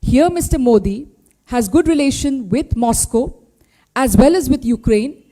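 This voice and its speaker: High-voiced Indian woman, impassioned briefing. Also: expressive, unhurried, warm tone. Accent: Indian English. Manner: impassioned, full of rhetorical questions. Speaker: political party spokesperson. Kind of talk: press briefing statement. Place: party headquarters press room.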